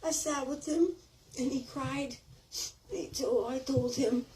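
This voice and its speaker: A woman's voice: high voice, slow pace, mellow, distant mic, poor audio. An older woman giving a rambling, blunt and profane off-the-cuff speech as an author at a book signing in a thrift shop.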